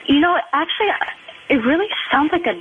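A woman's voice: high-pitched, fast talker, a little hiss or hum. A woman on a phone call, flustered and hesitant, stumbling over her words. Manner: flustered, hesitant, full of restarts. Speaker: radio listener pranking her boyfriend. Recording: tinny phone line.

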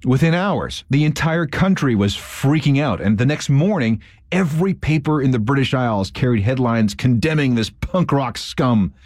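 A man's voice: medium pitch, lively intonation, normal speed, darkish tone, dry recording, studio quality. A man narrating a scripted radio history segment, telling the story and acting out quotes. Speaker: radio host.

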